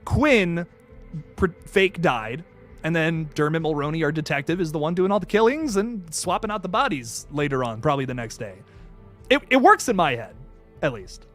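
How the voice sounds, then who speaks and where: Excitable young man with a lively voice. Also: a little high, moderate pace, soft background music. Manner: excitable and animated, swearing casually. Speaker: YouTube channel host. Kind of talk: casual live stream chat, reading viewer comments.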